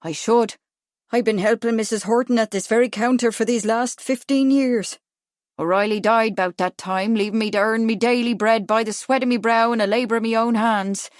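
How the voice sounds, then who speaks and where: A woman's voice: fairly high pitch, steady tone, normal speed, no echo, clean studio sound, close to an everyday voice. A woman voicing a stout, self-important middle-aged shopkeeper with an Irish accent in an audiobook, chatty and proud.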